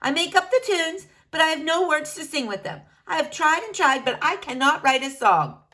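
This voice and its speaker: A woman voicing a loud, messy little bean musician who keeps asking eager questions. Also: high voice, moderate pace, pitched above the performer's own voice. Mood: boastful. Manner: eager, excitable, nonstop questions.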